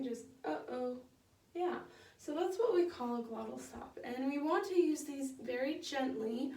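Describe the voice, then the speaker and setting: A woman's voice: sits high, dark tone. A young woman leading a women's choir rehearsal, patient and encouraging, with many fillers as she explains singing technique. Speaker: choir director. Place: rehearsal room. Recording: echoey room, voice from far off.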